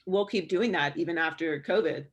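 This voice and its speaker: A female sports broadcaster takes student questions on a video call, replying frankly in a relaxed way packed with fillers. She has a low voice and speaks at a moderate pace.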